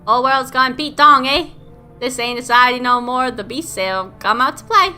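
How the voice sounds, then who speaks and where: A swaggering, menacing drifter man with a put-on Australian accent, voiced by a woman reading a game character. He talks loud with gruff bravado, in a bright, sharp voice. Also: sits high, moderate pace, faint music behind, voice pushed up.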